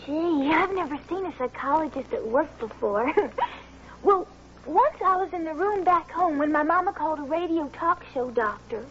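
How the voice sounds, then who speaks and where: A woman's voice: high-pitched, lively intonation, normal speed, fairly bright tone, dull audio, a little hiss or hum. An actress playing a naive, sweet young Southern woman with a Southern US accent in a 1980s sitcom, chatty and innocent.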